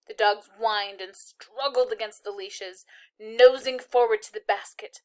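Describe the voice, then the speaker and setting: Woman narrator reading a chapter aloud, steady and expressive, medium pitch. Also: measured pace. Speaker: reader.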